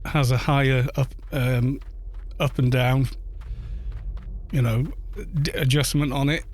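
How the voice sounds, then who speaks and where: A man's voice: mid-range voice, flat delivery, slow pace, a little mellow. A man streaming a game, chatting casually and ranting in mocking disbelief, rambling with frequent restarts. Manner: incredulous, mocking rant. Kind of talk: casual livestream chat while gaming.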